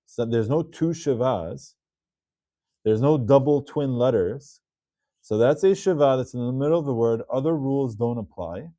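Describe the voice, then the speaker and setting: A man teaching Hebrew reading rules in a patient video lesson, repeating key words slowly. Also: mid-range voice, mellow, no room sound.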